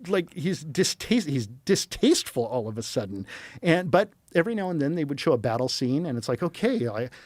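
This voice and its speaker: Animated middle-aged man telling rambling stories. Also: a little high, no room sound. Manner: rambling, animated storytelling with quoted asides. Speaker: podcast guest, screenwriter. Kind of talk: casual chat.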